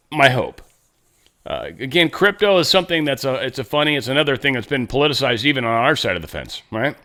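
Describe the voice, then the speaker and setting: A man's voice: mid-range voice, fairly bright tone. Sarcastic man rambling over headlines. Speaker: show host. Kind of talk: casual news commentary.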